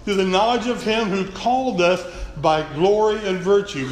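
A man's voice: high voice, animated, brisk, few pauses. A man preaching a folksy, earnest sermon to his congregation. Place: church sanctuary. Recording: echoey church hall, faint room noise.

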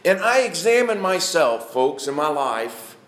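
A man's voice: a little high, sing-song, measured pace, a bit bright. A man in his fifties preaching a sermon, reading scripture and acting out quoted pleas with rising intensity. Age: 50s. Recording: echoey room with faint ambience.

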